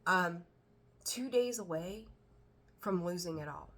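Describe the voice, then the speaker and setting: A woman's voice: on the low side, lively intonation, slow pace, fairly bright tone. A woman giving a casual tarot reading, talking bluntly and chattily, swearing now and then. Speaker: tarot reader.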